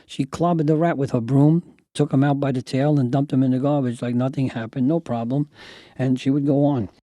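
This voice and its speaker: An older man from New York who hosts a podcast and tells family stories as an animated storyteller, acting out the people in his anecdotes. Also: mid-range voice, brisk, no room sound. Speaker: podcast host.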